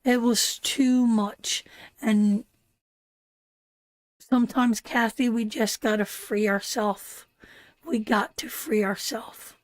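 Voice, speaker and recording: A woman's voice: fairly high pitch, steady tone, takes it slowly, pauses often, no room sound. An older woman from Newfoundland with a Newfoundland accent, hosting a live tarot stream in casual, affectionate talk and calling viewers darling and sweetheart. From Newfoundland, Canada.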